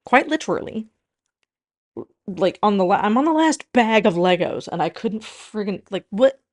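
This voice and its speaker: A young woman hosting a casual vlog, soft and tearful at times, then bubbly and excitable. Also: mid-range voice, vocal fry. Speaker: vlogger.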